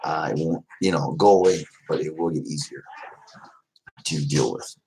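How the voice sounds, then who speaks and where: Deep-voiced man chatting on a livestream. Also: moderate pace, dark tone, slight background noise, rough recording. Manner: rambling and heartfelt, many fillers. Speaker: vlogger reading live chat. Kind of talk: casual livestream chat.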